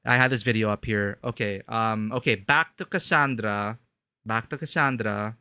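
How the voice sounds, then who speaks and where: A man's voice: on the low side, normal speed, pushed and bright, smooth, no echo. A man chatting casually on a live game stream, rambling and cutting himself off mid-thought. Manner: rambling, self-interrupting.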